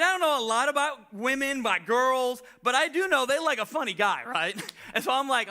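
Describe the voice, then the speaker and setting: High, bright-voiced man preaching. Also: fairly quick. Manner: animated, self-deprecating storyteller, many "like" fillers. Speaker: pastor. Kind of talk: conversational sermon storytelling.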